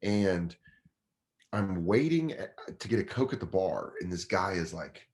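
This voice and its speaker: A man's voice: sits low, expressive, measured pace, darkish tone. A man, a guest comedian in his thirties, telling a casual, profane story and acting out other people's voices.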